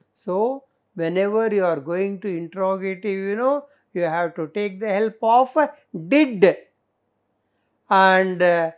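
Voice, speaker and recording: A middle-aged woman teacher, explaining grammar in a classroom lesson, full of fillers and rhetorical questions. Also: medium pitch. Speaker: English teacher.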